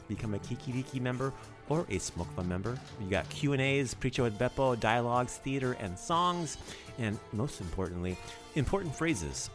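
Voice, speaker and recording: A man hosting a casual podcast lesson, chatty and teasing as he teaches vocabulary and drops in foreign phrases. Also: medium pitch.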